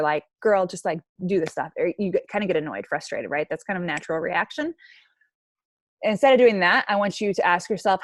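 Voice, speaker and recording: A woman's voice: on the low side, dry recording. A woman in her thirties coaching her team on a call, talking in a casual, chatty way with lots of "like" and "right?".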